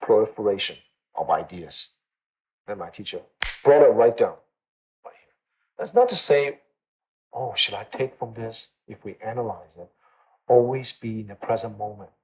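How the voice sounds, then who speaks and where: A man's voice: lowish voice, moderate pace, pauses often, a little mellow, slightly rough, poor audio. A man teaching a meditation class in a conversational way, often checking in with his listeners and repeating phrases for emphasis. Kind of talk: dharma talk to a class.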